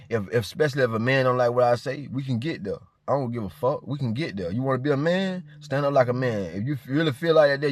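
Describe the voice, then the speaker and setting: A man's voice: mid-range voice, no room sound. A man delivering a confrontational spiritual rant. He is defiant and profane, and he keeps repeating rhetorical check-ins to his listeners. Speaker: vlogger.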